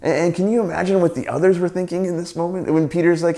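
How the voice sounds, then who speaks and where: A male pastor preaching a sermon, retelling a story with animated acted-out lines and casual asides. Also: on the high side, rapid-fire, hardly any pauses. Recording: roomy church sound.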